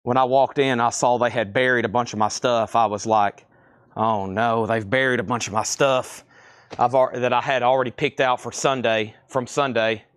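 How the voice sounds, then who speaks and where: A man hosting a live record sale, calling out items, prices and buyers in a brisk, chatty way from a record shop storeroom. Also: medium pitch, steady tone, a bit bright, smooth, no echo, studio quality. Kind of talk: livestream auction calling.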